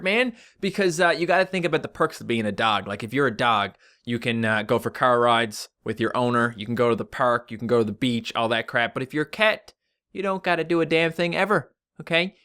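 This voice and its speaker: A man's voice: medium pitch, fairly bright tone, clear, resonant tone. A young Canadian man with a Canadian accent, chatting casually and jokingly as he reads and answers viewer tweets. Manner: chatty, joking, rambling asides. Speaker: YouTuber. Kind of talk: casual vlog reading tweets.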